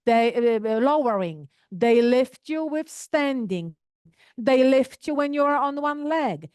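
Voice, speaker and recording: Slow, high-voiced woman teaching an exercise class. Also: smooth, no echo, studio quality. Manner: slow, demonstrative, addresses class directly with questions. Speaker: physical therapist leading an exercise class. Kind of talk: live group health talk with demonstrations.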